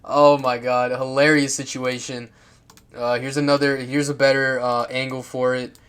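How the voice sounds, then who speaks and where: A man's voice: mid-range voice, flat delivery, normal speed, fairly bright tone, clean tone. A man casually commenting on football clips, rambling and swearing, with lots of fillers, restarts and laughs.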